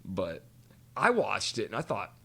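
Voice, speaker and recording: A man's voice: fairly low pitch, wildly swooping pitch, a little slow, gravelly, sharp tone, breathy edge. A man co-hosting a podcast, chatting casually and animatedly, cursing freely and telling stories with quoted voices. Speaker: podcast co-host. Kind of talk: casual chat.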